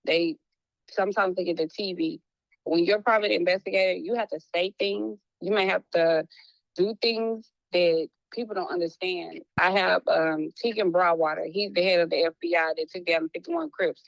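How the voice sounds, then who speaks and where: A woman speaking as a private investigator in a casual, apologetic conversation, talking in quick bursts with many restarts. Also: fairly low pitch, creaky, no room sound, low-quality recording. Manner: animated, restarts often, slips into a playful hood voice when quoting.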